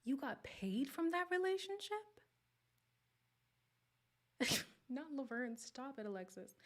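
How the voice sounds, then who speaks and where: A woman hosting a live recap stream, chatting casually with viewers and reacting with animated exclamations. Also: high-pitched, takes it slowly, pauses often.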